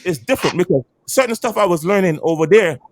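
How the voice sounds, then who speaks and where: A man in his fifties talks in a voice pitched a little high, and his pitch swings widely as he speaks. He tells stories in casual barbershop chat, swearing freely and stumbling over repeated words. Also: quick pace. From Caribbean island. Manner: animated, repeats and restarts words, streetwise swearing. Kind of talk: casual storytelling.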